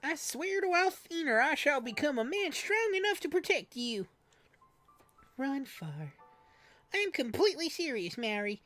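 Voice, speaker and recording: A woman voicing a brave, earnest young boy hero with a high, melodramatic delivery over faint game music. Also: sing-song, a little slow, a bit bright, heavily acted. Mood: earnest vow.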